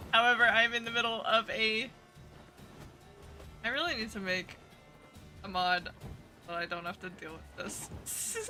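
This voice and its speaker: In this live-stream, a young VTuber plays a game over game music and giggles her way through rambling chat with viewers. She speaks on the high side in a pushed, bright voice.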